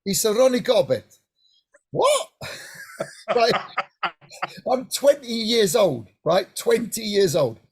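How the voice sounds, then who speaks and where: A middle-aged man from Hampshire, England, telling lively stories in an interview and often checking in with "right?". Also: high voice, a little slow, breathy edge. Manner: animated anecdotal, frequent "right?" asides. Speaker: guest singer-songwriter. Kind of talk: casual interview storytelling.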